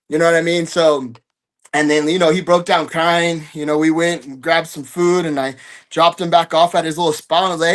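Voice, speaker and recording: Man, high-ish voice, casual interview guest, rambling, profane, filler-heavy. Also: fast talker, fairly bright tone. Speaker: guest fighter.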